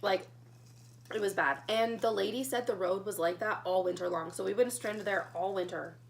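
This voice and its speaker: Chatty young woman with gravelly fry. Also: mid-range voice, normal speed. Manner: chatty, animated storytelling while eating. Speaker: vlogger. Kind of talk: casual mukbang storytime.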